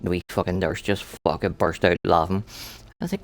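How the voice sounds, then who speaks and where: Man, game streamer, low voice, profane, animated storyteller. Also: a little fast, slight background noise. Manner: profane, animated anecdote telling. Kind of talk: profane storytelling while gaming.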